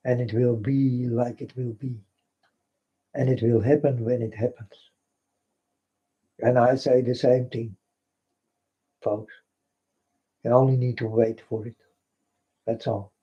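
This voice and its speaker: A man's voice: mid-range voice, flat delivery, takes it slowly, long pauses, dark tone, breathy edge. A man with a Dutch accent, a native Dutch speaker, rambling through a spiritual vlog monologue in broken English, repeating himself and calling out to his folks. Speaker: vlogger. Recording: dull lo-fi recording.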